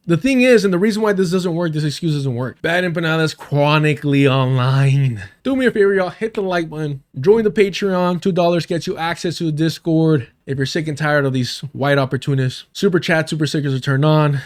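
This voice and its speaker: A man's voice: on the high side, brisk, hardly any pauses. A man commenting on a live stream in a heated, sarcastic and profane way. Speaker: streamer reacting to a debate.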